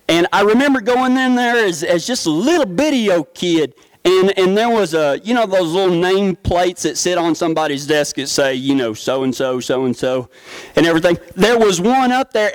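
Middle-aged West Texas preacher, down-home joking delivery, high-pitched voice, dry recording. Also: male voice, dry recording, poor audio. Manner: storytelling, down-home, joking with congregation. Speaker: pastor. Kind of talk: folksy sermon.

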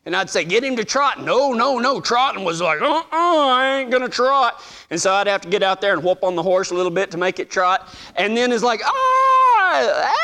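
Animated, bright-voiced male preacher. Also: sits high. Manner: animated, self-deprecating, acts out voices in stories. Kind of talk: sermon with humorous storytelling.

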